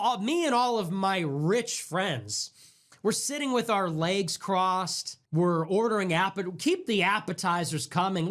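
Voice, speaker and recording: A young man hosting a livestream, ranting casually in a sarcastic, mocking, profane way, jumping between squeaky mock voices and low mutters. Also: a bit bright. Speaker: livestream host.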